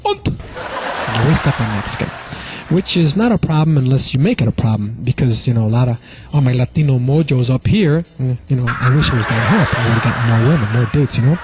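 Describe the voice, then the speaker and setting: A man's voice: mid-range voice, lively intonation, fairly quick, darkish tone, a little hiss or hum. A male comedian delivering a rambling comedy monologue, full of casual asides. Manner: rambling, many filler asides. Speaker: stand-up comedian.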